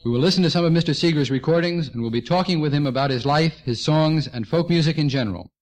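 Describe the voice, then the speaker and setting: A man hosting a radio program in the studio, introducing his guest and asking measured, polite questions. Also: a little high, a little mellow. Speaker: radio host. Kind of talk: formal radio interviewing.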